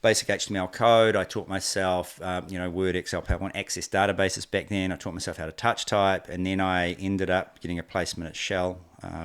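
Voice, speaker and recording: A man's voice: sits low, clear, resonant tone. A man in his forties with a New Zealand accent, a guest telling stories casually and acting out quoted dialogue along the way. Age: 40s. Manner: relaxed, rambling, acts out quoted dialogue. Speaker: guest, company co-founder. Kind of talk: casual interview storytelling.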